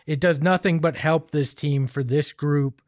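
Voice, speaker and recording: A man's voice: a little high, fairly even intonation, unhurried, no echo. Casual male sports co-host, self-deprecating, dry close mic. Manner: self-deprecating, rambling with restarts.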